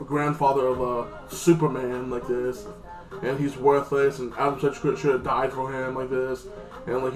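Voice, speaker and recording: A man casually recapping a TV episode in a rambling, crude way, full of fillers. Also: mid-range voice. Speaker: TV episode reviewer. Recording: echoey room with music.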